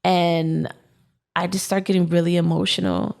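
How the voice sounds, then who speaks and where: Young woman podcast co-host, low gravelly voice, loose rambling storyteller. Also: level tone, normal speed, darkish tone. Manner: rambling, full of "um" and "like". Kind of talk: casual storytelling.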